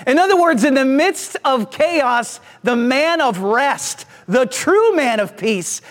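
A pastor preaching a sermon with emphatic delivery and rhetorical questions, swinging from raised to hushed. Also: high-pitched. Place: church stage with slides behind.

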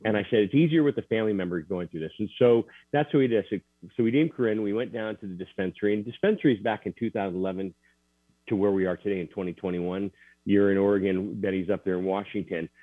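Man, interview guest, earnest storyteller, halting restarts, lowish voice, thin phone line. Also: dry recording. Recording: tinny dry phone line.

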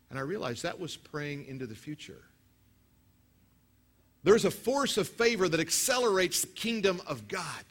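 Man, pastor, sermon, high voice, storytelling with quoted voices. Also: moderate pace. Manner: storytelling, animated with acted quotes.

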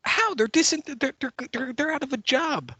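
An older man with a bright, forceful voice, recorded dry and close. He co-hosts a casual podcast chat and tells animated stories with the odd swear word. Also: very high voice, moderate pace, no room sound. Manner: animated storyteller, swears freely. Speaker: podcast co-host.

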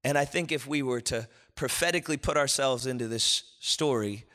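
A man preaching a sermon as pastor, swinging from low murmurs to loud impassioned shouts. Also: moderate pace, in a large hall.

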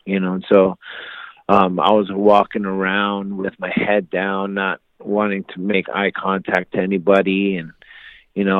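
A man with a fairly low voice tells a long personal story in a loose, rambling way, full of restarts and fillers. The sound is thin and phone-like, close and dry. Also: no room sound. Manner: rambling with many fillers and restarts, laughs easily. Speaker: guest telling his life story. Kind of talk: casual storytelling. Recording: tinny phone-like line, dry.

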